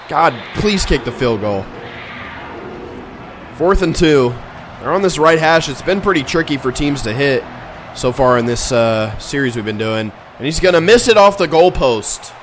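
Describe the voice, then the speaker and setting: A young man commentating his own football video game, exasperated and ranting, with sudden loud outbursts. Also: on the high side, animated, moderate pace, a little hiss or hum. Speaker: gaming YouTuber. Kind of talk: live gameplay commentary.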